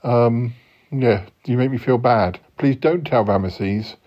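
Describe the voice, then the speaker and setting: A man voicing a gruff, low, manly yeti uncle who waffles on with lots of fillers and restarts, on a slightly dull recording. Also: slow pace. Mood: rambling.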